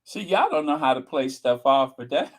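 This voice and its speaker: A man's voice: medium pitch, very animated, normal speed, low-quality recording. A man hosting his channel in casual gossip commentary, sassy and mocking. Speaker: channel host.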